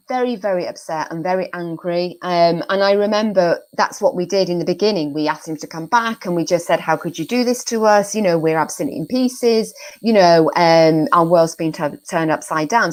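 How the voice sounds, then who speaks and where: A woman's voice: medium pitch, darkish tone, low-quality recording. Earnest middle-aged woman recalling hard times. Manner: earnest, halting, repeats and restarts phrases while recalling hard events. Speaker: podcast guest. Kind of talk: reflective personal account in an interview.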